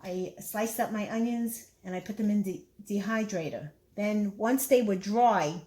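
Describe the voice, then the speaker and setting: A woman's voice: medium pitch, unhurried, warm tone, low-quality recording. A woman with a Brooklyn accent giving a casual, chatty cooking how-to, rambling a little and repeating herself with fillers. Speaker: cooking vlogger.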